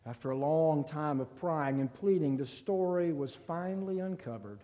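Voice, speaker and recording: Man reading a story out slow and somber, mellow high voice, big echo behind it. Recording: long reverb.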